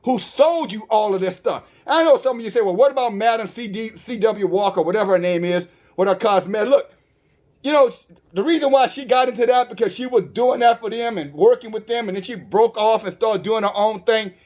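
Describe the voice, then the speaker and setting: A man's voice: high-pitched, brisk, darkish tone. A man preaching an online sermon, talking straight to his listeners with rhetorical questions and many stammered restarts. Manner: emphatic, with frequent stammered restarts.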